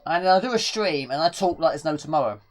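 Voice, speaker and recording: A woman streaming a retro game, talking loosely and breathlessly as she plays. Her pitch swings a lot and she rambles from one thought to the next, reading chat questions aloud as she goes. She sounds winded from nonstop talking. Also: expressive, fast talker, a little hiss or hum. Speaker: live streamer. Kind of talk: casual gameplay commentary.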